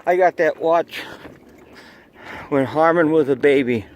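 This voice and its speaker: A man's voice: a little high, measured pace, a little hiss or hum. A man chatting casually to his viewers while he hikes outdoors, filming on his phone and rambling from one memory to the next. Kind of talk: casual hiking vlog narration. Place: outdoors on a hillside trail overlooking a city. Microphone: phone camera held while hiking.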